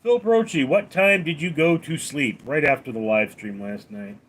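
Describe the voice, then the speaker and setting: A man's voice: fairly high pitch, moderate pace, a bit bright, slight background noise. A man hosting a casual live stream, reading viewers' names and questions aloud and answering them in a dry, offhand way.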